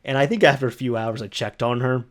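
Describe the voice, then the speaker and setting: A man's voice: medium pitch, quick pace. A man hosting a solo podcast, telling a casual story full of "like" and restarts. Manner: chatty, full of "like" and restarts, acts out quoted voices. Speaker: podcast host.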